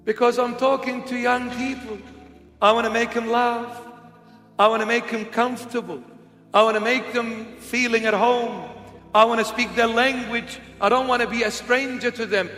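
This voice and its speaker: A man's voice: extremely high pitch, fairly even intonation, normal speed, pushed and bright. A man preaching a humorous, conversational sermon, slipping into playful impressions. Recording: echoey hall with faint music.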